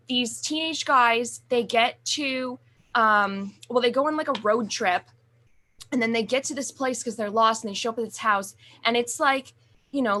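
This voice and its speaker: A young woman with a slightly high voice chats on a podcast, rambling and gushing about films she loves. She piles on fillers and restarts and swears now and then, with a loose, excited energy. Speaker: podcast co-host. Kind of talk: casual chat about horror films.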